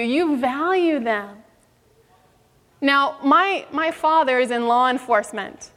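A woman's voice: sits high, fairly bright tone, big-room sound. A woman preaching a sermon, telling a story and acting out the voices in it. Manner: storytelling, acts out quoted voices.

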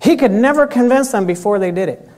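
A man preaching a sermon, often clearing his throat and acting out dialogue in a raised voice. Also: extremely high pitch, brisk. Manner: animated, acts out dialogue with raised voice.

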